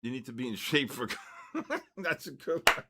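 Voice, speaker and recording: An older man hosts a casual trading livestream, chatting loosely and breaking into excited shouts when the markets move. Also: medium pitch, moderate pace, very noisy.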